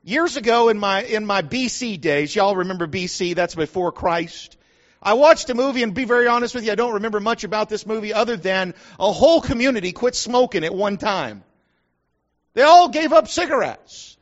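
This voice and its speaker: A man's voice: high voice, animated, moderate pace. A middle-aged man preaching a sermon, telling a personal story in a folksy way and acting out what people said. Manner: folksy storyteller, acts out quotes. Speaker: pastor. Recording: dull lo-fi sound.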